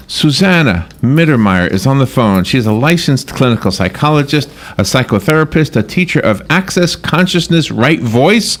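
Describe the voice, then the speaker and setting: A man hosting a radio talk show, chatting in a rambling way that often breaks off and restarts. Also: mid-range voice. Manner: chatty, rambling, self-interrupting. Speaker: radio host. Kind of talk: casual radio interview.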